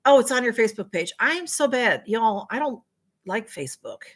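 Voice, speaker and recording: A woman's voice: a little high, sing-song, a little fast. A woman chatting her way through a casual livestream, reading out viewer comments as they come in. She talks in a friendly, rambling way, often apologizing for falling behind the chat. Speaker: livestream host.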